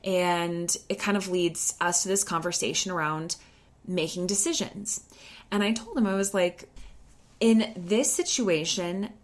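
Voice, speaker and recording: A young woman with a slightly low voice tells a personal story on her podcast. She talks casually, leaning on "like" and restarting her sentences as she goes. The feel is loose and conversational, never scripted. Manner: chatty, full of "like" and quick restarts. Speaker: podcast host.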